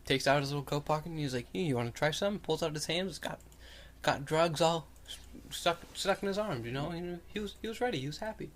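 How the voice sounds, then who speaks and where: A man's voice: fairly high pitch, fast talker, fairly bright tone. A young man co-hosting a podcast, telling a story in casual chat, rambling with lots of fillers and acting out what people said. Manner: rambling, filler-heavy, acts out quotes animatedly. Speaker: podcast co-host.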